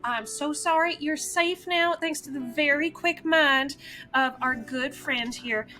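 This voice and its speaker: A woman's voice: high-pitched, unhurried, bright, forceful tone. A woman voicing a motherly character in a tabletop game, speaking soothingly and apologetically. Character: warm motherly woman comforting a child.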